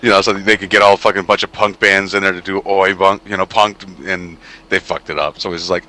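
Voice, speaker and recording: A man's voice: deep voice, steady tone, fairly quick, sharp tone. A man co-hosting a casual radio talk show, joking crudely and swearing often.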